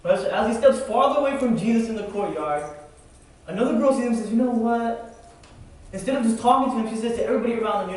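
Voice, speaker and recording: A man's voice: very high voice, quick pace, a little mellow. Young man preaching in an echoey hall. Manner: conversational, full of "like" and "man". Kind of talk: casual youth sermon. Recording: echoey hall from far off, faint noise.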